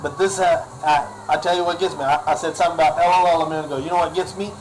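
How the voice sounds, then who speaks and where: A man's voice: on the high side, fast talker, hardly any pauses, slight background noise, low-quality recording. A man ranting in a casual vlog, exasperated and sarcastic, often repeating himself. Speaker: vlogger.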